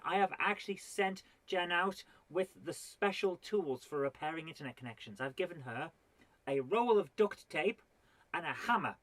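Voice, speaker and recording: A woman's voice: low voice, expressive, moderate pace, fairly bright tone, no echo. A middle-aged woman doing stand-up comedy from her home office as host of her own show, rambling and self-deprecating with mock-serious asides. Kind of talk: solo stand-up comedy to camera.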